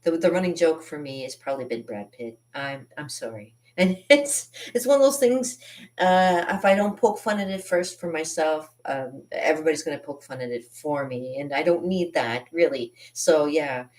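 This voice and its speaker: A woman in her fifties hosts a casual comedic monologue and tells stories against herself. She rambles with many restarts and laughs at her own expense. Her speaking voice sits low. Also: expressive, moderate pace, a little mellow. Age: 50s. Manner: rambling, self-deprecating, laughs often. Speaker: artist and channel host.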